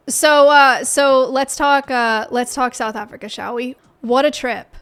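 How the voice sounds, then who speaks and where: A young woman on a livestream chats with her viewers from her home office, taking her time. Her high-pitched voice is smooth and slightly bright, and her meandering talk is sprinkled with fillers and restarts.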